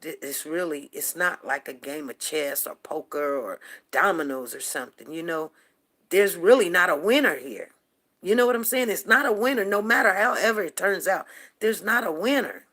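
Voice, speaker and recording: Speaking at normal speed in a lowish, expressive, fairly bright voice, a woman hosts a talk show. Her monologue is casual and rambling, with repeated, emphatic points aimed at listeners.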